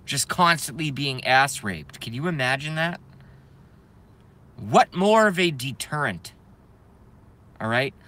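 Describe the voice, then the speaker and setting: A man's voice: medium pitch, expressive, takes it slowly, long pauses, sharp tone. A man hosting a live stream, ranting heatedly and emphatically and repeating his phrases for effect. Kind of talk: impassioned live-stream rant.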